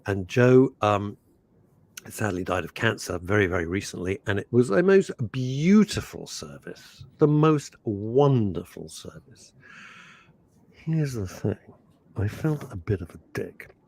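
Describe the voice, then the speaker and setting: Animated older radio host. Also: male voice, on the low side, measured pace, vocal fry. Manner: animated, rambling, jumps between topics. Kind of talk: casual radio chat. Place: radio studio.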